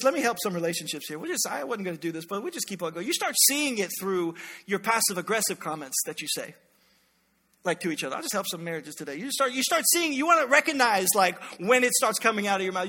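A man in his thirties, a pastor delivering an emphatic, energetic sermon and acting out everyday people in asides. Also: very high-pitched, long reverb tail. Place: church hall.

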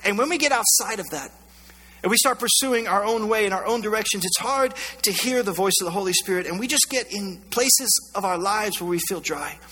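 High-voiced, bright, joking male pastor. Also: brisk, in a large hall. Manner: conversational, joking, animated storytelling. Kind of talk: sermon.

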